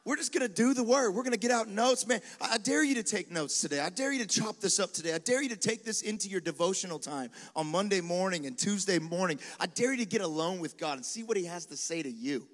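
A male pastor preaching a sermon in a lively, conversational style, with quick acted asides and dares to the congregation. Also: sits high. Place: large venue with live congregation. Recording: long hall reverb.

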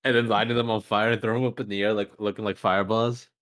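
Young male podcast co-host, lower voice, rambling storyteller who swears a lot. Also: level tone, fast, fairly bright tone. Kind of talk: casual chat.

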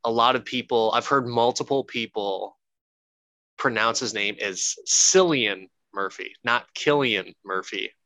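A man's voice: mid-range voice, a little slow, bright, forceful tone, no echo, rough recording. A man co-hosting a podcast, chatting casually and jokingly about a movie, a little profane and rambling. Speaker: podcast co-host. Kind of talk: casual movie review chat.

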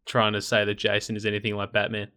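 A man's voice: lowish voice, moderate pace, a bit bright. A man co-hosting a podcast in casual chat, joking and mock-indignant, laughing easily. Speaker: podcast co-host.

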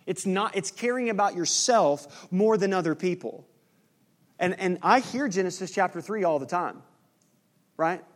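Male pastor, slightly high voice, lively sermon delivery with playful teasing asides. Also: moderate pace. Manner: lively preaching, teasing the congregation.

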